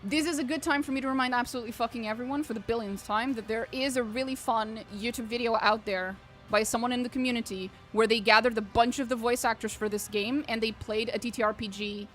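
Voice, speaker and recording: A woman's voice: a little high, steady tone, brisk, fairly bright tone, soft background music. A woman streaming a game, joking and swearing casually as she reacts to the text. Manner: profane, joking, reads game text aloud. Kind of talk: casual gameplay commentary.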